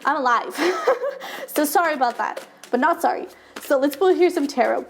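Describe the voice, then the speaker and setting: Excited high-voiced woman reading tarot. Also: vocal fry, slight background noise. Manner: excited, talks fast; warm, encouraging, many fillers. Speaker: tarot reader. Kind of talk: casual tarot reading to camera.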